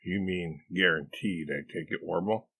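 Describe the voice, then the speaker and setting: A man's voice: sits low, moderate pace, vocal fry, full character voice. A man doing a weary, exasperated wife. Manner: exasperated, dry, quiet. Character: weary, puzzled grown woman, the hero's wife. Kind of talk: audiobook character voice.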